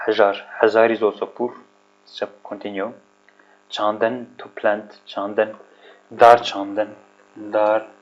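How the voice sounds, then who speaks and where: The clip, a dull lo-fi recording, features a language teacher thinking aloud through a casual vocabulary lesson. His voice sits on the low side, and he speaks slowly and hesitantly, hunting for words and repeating himself.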